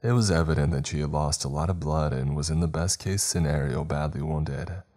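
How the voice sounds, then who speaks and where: A man narrating a first-person horror story in a steady, measured way. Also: very deep voice.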